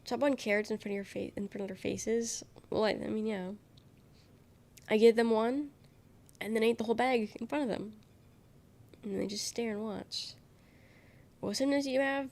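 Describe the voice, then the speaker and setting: A woman's voice: on the high side, fairly even intonation, moderate pace, pauses often, a little mellow. A young woman streaming live while sick, her voice coming out nasal and congested. She rambles casually to her viewers, giggles often and swears without a second thought.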